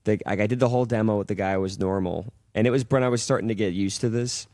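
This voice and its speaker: A man hosting a casual podcast chat, telling animated stories, acting out both sides of old phone calls and swearing freely. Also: on the low side, fast, no echo, studio quality. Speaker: podcast host.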